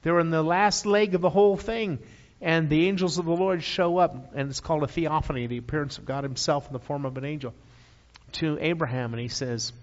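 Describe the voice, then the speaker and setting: A man's voice: on the high side, a little fast. An older man preaching a sermon in a church, emphatic, repeating key phrases with folksy asides. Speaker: guest preacher. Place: church sanctuary. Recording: dull audio with long hall reverb.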